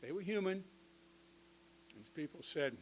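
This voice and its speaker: An older man giving a conversational history lecture to teachers, with lively asides and touches of humor. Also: on the high side, a little slow, a little hiss or hum, rough recording. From United States.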